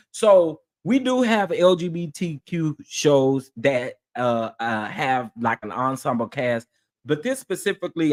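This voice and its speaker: Sassy, animated man hosting a live stream. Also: fairly high pitch. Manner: sassy and animated, repeats phrases for emphasis. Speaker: livestream host. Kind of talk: casual live-stream commentary.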